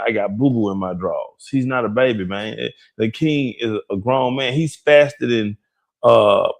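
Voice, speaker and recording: A man with a Detroit accent co-hosting a casual gossip talk, drawling and laughing often. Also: mid-range voice. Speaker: gossip show co-host.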